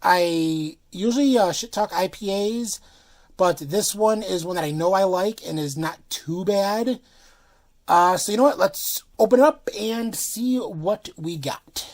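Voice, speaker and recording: A man's voice: high voice, unhurried. A man casually reviewing beers on his channel, frank and full of fillers. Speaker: beer reviewer.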